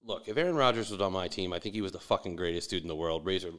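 A man's voice: sits low, racing, a bit bright. A man delivering a profane, sarcastic sports rant with mocking asides.

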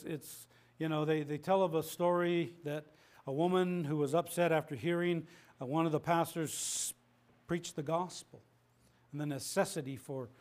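Impassioned male preacher, fairly high voice. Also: a little mellow. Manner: impassioned preaching with many restarts. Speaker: pastor. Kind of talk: sermon.

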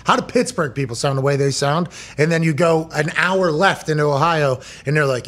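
Fast, high-pitched profane male host. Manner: loud, profane, riffing. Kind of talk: casual chat. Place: studio in Indiana.

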